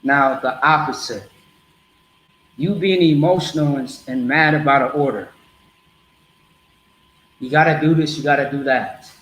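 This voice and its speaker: A man's voice: fairly high pitch, a little slow, pauses often, a bit bright, echoey room, a little hiss or hum, low-quality recording. A man preaching bluntly to a group in a streetwise, repetitive way.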